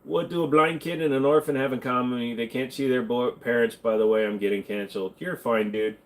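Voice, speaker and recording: A man's voice: on the low side, fairly even intonation, brisk, hardly any pauses. A man hosting a casual livestream Q&A, reading chat questions aloud and answering them in a jokey, offhand way.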